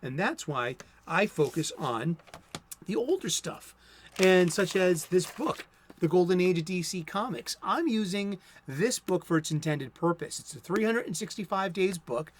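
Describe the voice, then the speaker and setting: A man in his fifties talks his way through a comic book monologue with firm opinions. His voice sits a bit higher than most men's. He speaks conversationally and sometimes stumbles and restarts a phrase. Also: animated, unhurried, slight background noise. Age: 50s. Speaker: comic book video host. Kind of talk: casual monologue.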